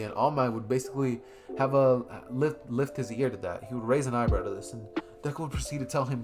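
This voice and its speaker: A man narrates an improvised fan story in a casual, rambling way, often correcting himself mid-sentence. His voice sits at an ordinary middle pitch, and guitar music plays clearly behind him throughout. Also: brisk.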